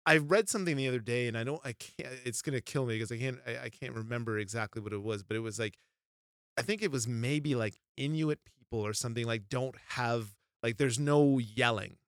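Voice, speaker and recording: A man's voice: medium pitch, fairly quick, no room sound. A man in his thirties chatting casually on a podcast, rambling through stories and acting out every quote along the way. His voice sits mid-range for a man. The sound is very dry and close, with no trace of the room. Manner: rambling, animated storytelling with acted-out quotes. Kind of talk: casual chat.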